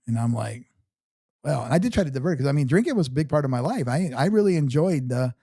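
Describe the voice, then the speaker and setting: A middle-aged man, an interview guest, telling a personal story in a casual, halting way full of restarts and fillers. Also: medium pitch, animated, mellow, breathy edge, no echo, studio quality.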